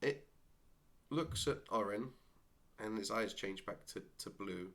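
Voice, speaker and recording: A man narrating as game master of a tabletop game, animated and laughing, adding sound effects. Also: lowish voice, slow pace, creaky.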